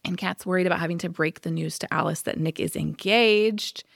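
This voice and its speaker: A woman co-hosts a podcast, casually recapping a TV episode and acting out the characters' lines in a chatty way. Her voice is lowish and a little fast with vocal fry, recorded clean in a studio with no room sound.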